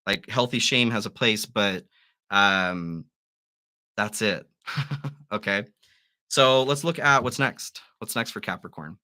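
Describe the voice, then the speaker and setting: A man hosting a live tarot reading, musing through the cards in a gently encouraging way. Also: lowish voice, slow pace, pauses often. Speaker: tarot reader.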